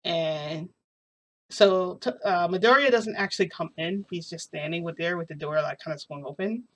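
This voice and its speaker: A woman's voice: lowish voice, moderate pace, a bit bright. A woman telling a casual story in a rambling, giggly way, full of fillers and restarts.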